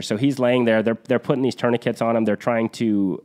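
A man's voice: lowish voice, brisk, darkish tone, clean tone. A man hosting a podcast, retelling a battle story in an earnest, vivid conversational way, with restarts and fillers. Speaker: podcast host.

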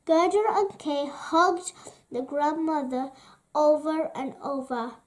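A woman reads a children's storybook aloud, gentle and expressive. Her voice sits high, and she takes every phrase very slowly, pausing between them. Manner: slow, gentle, expressive reading. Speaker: storybook reader.

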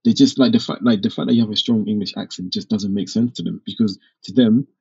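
A man in relaxed podcast chat, agreeing and adding his view. His voice is gravelly and husky and fairly low. The mic sounds muffled and lo-fi. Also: fast talker. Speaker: podcast co-host. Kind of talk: casual chat.

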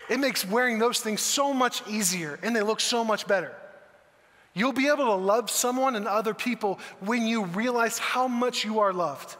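A man's voice: sits high, pushed and bright. A man preaching a sermon as pastor, earnest and conversational, often asking rhetorical questions. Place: church auditorium. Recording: long church hall reverb.

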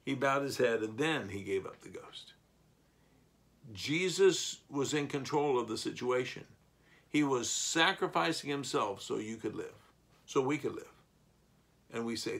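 A man teaching a Bible lesson, reading verses and explaining them, rising to loud bursts for emphasis. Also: medium pitch, a little slow, vocal fry.

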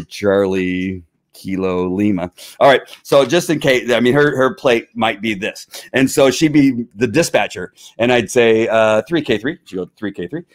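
A middle-aged former police officer tells stories in a casual, rambling monologue, using many fillers and chuckling often. His voice sits fairly low.

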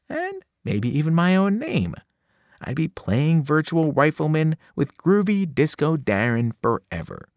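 Expressive male teacher reading aloud. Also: no echo, clean studio sound. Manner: expressive storytelling, varied pitch. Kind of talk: audiobook read-aloud.

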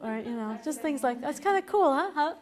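Teacher, female, chatty and quick to laugh, fairly high voice, classroom feel. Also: lively intonation. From Boston, USA. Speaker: herbalism teacher. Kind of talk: casual classroom lecture.

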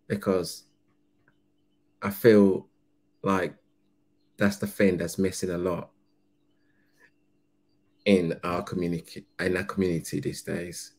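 Deep, slow-speaking male reaction host. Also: darkish tone. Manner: earnest, musing, with restarts. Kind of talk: reflective reaction commentary.

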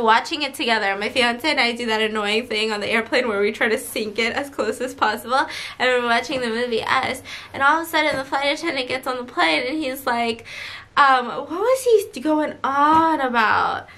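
Chatty high-voiced young woman vlogger. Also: brisk. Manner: chatty, animated, giggly, heavy use of "like". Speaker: travel vlogger. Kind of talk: casual storytelling vlog. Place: hotel room indoors. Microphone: handheld camera held by partner.

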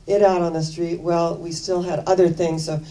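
A woman's voice: on the low side, level tone, moderate pace, dark tone, far from the mic, rough recording. An older woman minister giving a sermon, telling personal stories in an earnest, conversational way and repeating phrases for emphasis.

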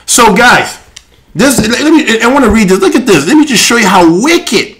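A man hosting a live show, preaching and reading scripture with fervor, often breaking into shouts. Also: very high voice, lively intonation. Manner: fervent, often shouting, rapid swings into loud exclamations. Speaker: host and preacher.

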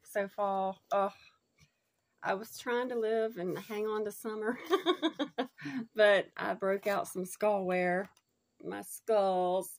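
A woman, chatting casually and gushing excitedly as she unboxes a gift, laughing often. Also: mid-range voice, slow pace, slight background noise. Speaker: unboxing vlogger.

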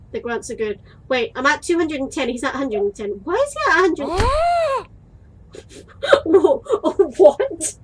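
A woman's voice: sits high, slight background noise, low-quality recording. A young woman giving crude, cheeky let's-play commentary while playing a game, playfully exasperated at what is on screen. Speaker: gaming video creator.

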